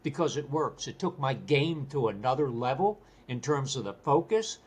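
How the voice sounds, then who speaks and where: Older male guest, husky, animated storyteller who repeats his words. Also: medium pitch, normal speed. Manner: animated, repeats words while telling stories. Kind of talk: casual storytelling interview.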